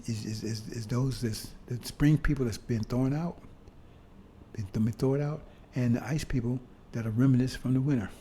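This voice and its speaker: A man preaching a sermon to brothers and sisters, talking in a loose, conversational way and often asking "see?" with halting restarts and bursts of emphasis. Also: mid-range voice, warm tone, a little hiss or hum. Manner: conversational, repeats "see?" to the congregation.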